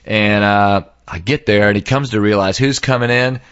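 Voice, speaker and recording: Low-voiced dude telling a story, super animated, muffled lo-fi sound. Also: male voice, moderate pace, clear, resonant tone. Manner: animated, sings sound effects, quotes people in voices. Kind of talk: casual anecdote.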